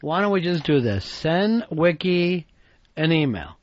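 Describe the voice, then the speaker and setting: A man's voice: a little high, big pitch swings, unhurried, dry recording, dull audio. A man co-hosting a radio talk show, blunt, profane and sarcastic in casual banter. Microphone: studio microphone.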